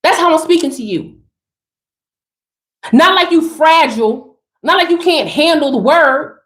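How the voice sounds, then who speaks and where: Woman, high voice, sassy, emphatic, preachy spiritual talk, echoey room. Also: expressive, a little slow, fairly bright tone. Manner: emphatic, sassy, preachy, talks straight to the listener.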